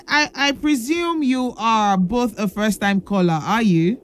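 A woman's voice: fairly high pitch, measured pace. A woman hosting a children's radio call-in show, playful and teasing, laughing often and calling the callers pet names. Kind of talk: lively radio call-in chat.

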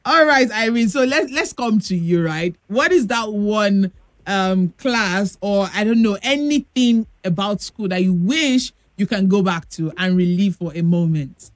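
A woman's voice: medium pitch, lively intonation, measured pace, no echo. Woman, Nigerian accent, radio host, affectionate storyteller, dry close sound. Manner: affectionate, storytelling with sung bits. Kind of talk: call-in radio chat.

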